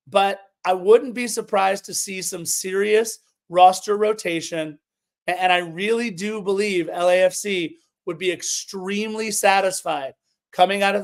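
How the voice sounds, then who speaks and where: A man co-hosting a casual sports podcast, animated and opinionated as he previews a match. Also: sits high. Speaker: podcast co-host.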